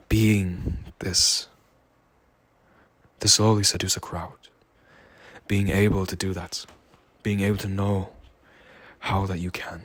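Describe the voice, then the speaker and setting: A man with a fairly low voice drifts through a reflective solo monologue, rambling and unhurried. He sounds tired and muses aloud at a slow, thoughtful pace. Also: flat delivery. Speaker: vlogger.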